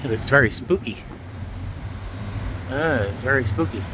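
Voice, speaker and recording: A man talks slowly and casually to a handheld camera while walking through a cold, windy churchyard. He keeps exclaiming about the cold and sounds tired, with a mid-pitched voice. Faint wind and traffic noise sit under him. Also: animated. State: shivering cold. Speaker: vlogger. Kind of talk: casual vlog narration.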